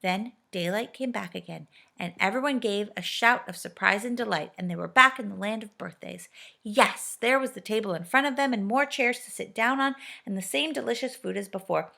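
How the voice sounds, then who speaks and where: Woman storybook reader, gentle and steady, slightly raspy voice. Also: medium pitch, moderate pace. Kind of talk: reading a storybook aloud.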